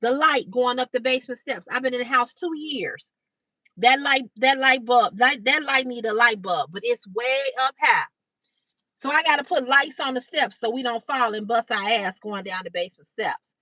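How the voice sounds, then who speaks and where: A woman hosting a casual livestream, retelling a story in a chatty, animated way and greeting viewers by name. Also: on the high side, normal speed, dry recording. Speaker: livestream host. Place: outdoors in sunlight.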